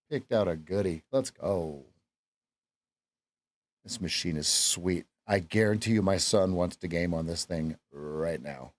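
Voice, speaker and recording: A middle-aged man coaching on a live trading stream, chatting casually and joking at his own mistakes as he trades from his home desk. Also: deep voice. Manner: chatty, self-deprecating, talks to chat and himself while trading.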